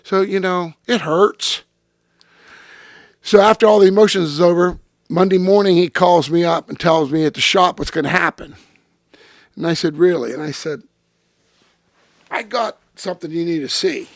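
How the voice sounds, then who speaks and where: Interview guest: a man with a raspy, fairly high voice, salty and lively, acting out quotes as he tells the story, close dry sound. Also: moderate pace, long pauses, dry recording. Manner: profane, animated storyteller who acts out quotes.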